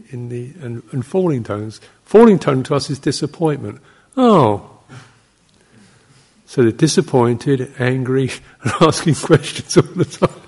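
A monk gives an easygoing dharma talk in a gravelly voice with a husky edge. His delivery wanders from story to story, broken up by quiet chuckles and little voiced reactions. He sits at an average pitch for a man. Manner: anecdotal and digressive, with soft laughs and short acted-out exclamations. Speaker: Buddhist monk teaching meditation.

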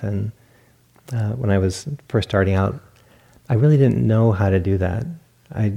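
A man with a low, gravelly voice gives a meditation talk in an easygoing, reflective way. His tone is dark and mellow, and he tells stories with small self-amused laughs. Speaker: meditation teacher. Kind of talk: dharma talk at a retreat. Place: meditation hall.

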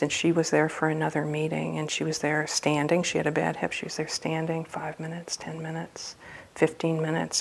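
A woman's voice: sits low, gravelly. A woman meditation teacher giving a dharma talk at a retreat center, telling a personal story in a humorous, loose, conversational way.

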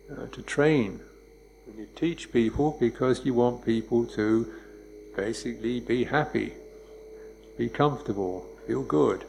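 A man giving a dharma talk as a meditation teacher, speaking in a relaxed, conversational way and chuckling often. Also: mid-range voice, creaky, a little hiss or hum, poor audio.

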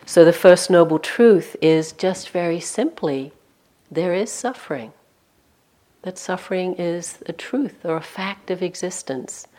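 A woman meditation teacher giving a conversational dharma talk at a retreat center, full of "you know" and dropping softly on key points. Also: on the low side, unhurried.

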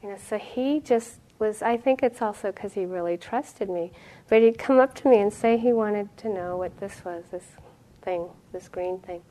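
A middle-aged woman giving a dharma talk as a meditation teacher, reflective and storytelling, with soft pauses. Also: mid-range voice, poor audio.

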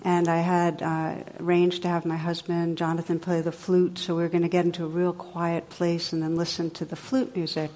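A middle-aged woman gives a dharma talk with a fairly low voice. She tells her stories in a gentle, conversational way and sounds like a meditation teacher talking with her group. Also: completely flat delivery, normal speed, few pauses. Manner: gentle, conversational storytelling with playful sound effects.

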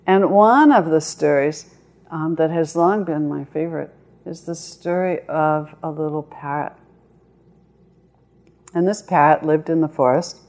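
A woman meditation teacher giving a dharma talk, speaking slowly and in a measured way, with long pauses. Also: low-pitched, darkish tone.

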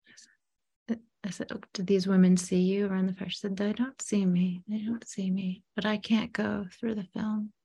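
A woman telling a story from her teaching practice in a halting, soft-spoken way, often dropping to a whisper. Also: mid-range voice, flat delivery, creaky, husky. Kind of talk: reflective storytelling.

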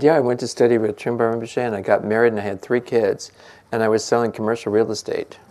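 Older male meditation teacher, gravelly, unhurried and gentle, laughs easily. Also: lowish voice. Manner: gentle, musing, laughs often. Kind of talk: relaxed dharma talk.

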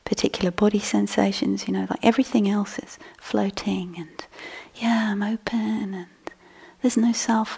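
A woman meditation teacher giving a dharma talk in a soft, breathy voice that often drops to a whisper. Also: mid-range voice, fairly even intonation, normal speed. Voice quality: husky, gravelly. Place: meditation hall.

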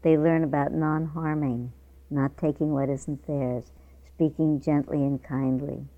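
A woman giving a dharma talk as a meditation teacher, speaking in a conversational, unhurried way while reading a news article aloud. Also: deep voice, steady tone, no room sound, narrow, tinny audio. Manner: conversational and unhurried, with small restarts.

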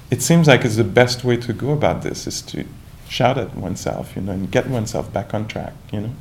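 A man giving a calm, reflective dharma talk as a meditation teacher, searching for words with many restarts and asides. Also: mid-range voice, brisk, vocal fry, hardly any pauses.

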